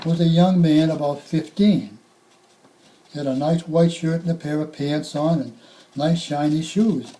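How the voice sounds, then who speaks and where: An older man, a retired firefighter slowly recounting sad calls, halting and repeating himself. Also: fairly high pitch, warm tone, a little hiss or hum, low-quality recording. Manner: halting, reflective, repeats words. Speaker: retired firefighter telling stories. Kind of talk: spoken reminiscence.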